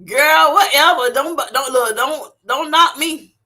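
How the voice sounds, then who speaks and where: A woman's voice: sits high, measured pace, bright, forceful tone. A woman hosting a livestream from her phone at work, reading out viewers' comments, laughing often and teasing them playfully. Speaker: livestream host.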